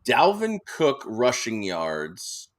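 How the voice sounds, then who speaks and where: A man's voice: medium pitch, huge pitch swings, extremely slow. Rambling male sports co-host, mid voice. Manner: rambling, filler-heavy, laughs easily. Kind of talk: casual sports betting chat.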